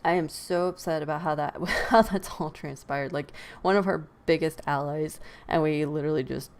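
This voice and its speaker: This woman from the United States hosts a podcast in a voice that sits low, at normal speed. Animated and opinionated, she chats casually, laughing frequently and letting out sighs.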